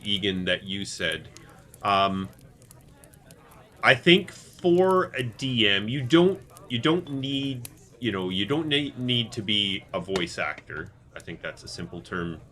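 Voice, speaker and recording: Male podcast host, lighthearted questioner, lively pitch. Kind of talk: casual discussion.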